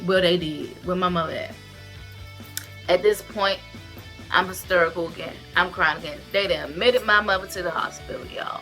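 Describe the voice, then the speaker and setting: A woman's voice: fairly low pitch, moderate pace, faint music behind. A woman vlogger earnestly recounting her surgery recovery and giving direct, heartfelt advice in a casual to-camera talk. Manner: earnest and expressive, retells events with emotion and direct advice. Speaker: vlogger sharing her weight-loss surgery experience.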